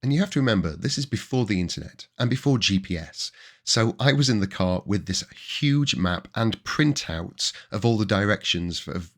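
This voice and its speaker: A man's voice: on the low side, moderate pace. Chatty Yorkshire man telling stories. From Yorkshire, England. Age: 40s. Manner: chatty and anecdotal, with bursts of excited emphasis. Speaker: podcast host. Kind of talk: casual storytelling monologue.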